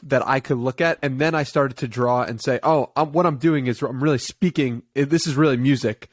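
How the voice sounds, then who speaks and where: Enthusiastic young podcast host. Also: male voice, medium pitch, a little fast, no echo, clean studio sound. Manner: enthusiastic, conversational, short affirming interjections. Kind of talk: casual interview conversation.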